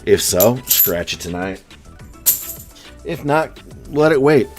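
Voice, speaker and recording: A coin roll hunting live streamer from the US East Coast chats casually, answering viewer comments one by one. His mid-range voice has lively intonation and a slow pace, with faint music behind.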